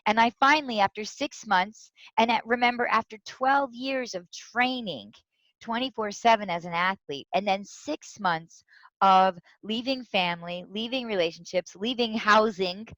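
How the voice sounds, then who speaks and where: A woman speaker, a guest in an interview, telling a personal story with lively quoted voices. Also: mid-range voice, moderate pace, no room sound. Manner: animated, tells stories with quoted voices. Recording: dull lo-fi sound.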